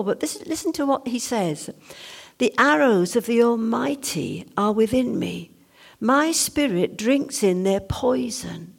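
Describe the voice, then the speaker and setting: Woman preacher, earnest sermon delivery, fry-heavy gravelly tone, mid pitch. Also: a little mellow. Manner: earnest, reads scripture aloud with slowed emphasis.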